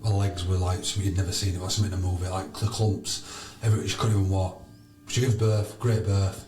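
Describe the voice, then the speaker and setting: A man, a podcast guest telling stories loudly and bluntly, swearing freely. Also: low voice, level tone, fast talker, faint music behind. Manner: loud, blunt, emphatic. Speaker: podcast guest, charity founder. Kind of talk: animated storytelling with swearing. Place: sauna. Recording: roomy echo.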